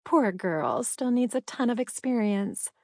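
A woman's voice: fairly high pitch, animated, unhurried, no echo, clean studio sound, pitched above the performer's own voice. Woman putting on a sugary catty waitress. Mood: flirty, mocking.

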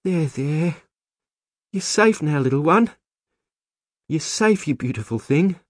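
A man voicing a gentle, devout young woman, a lighthouse keeper's wife, speaking softly and tenderly in an audiobook. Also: fairly high pitch, very animated, unhurried, husky, no room sound, studio quality, voice pushed up, heavily acted. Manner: soft and tender, hushed in prayer. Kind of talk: audiobook character voice.

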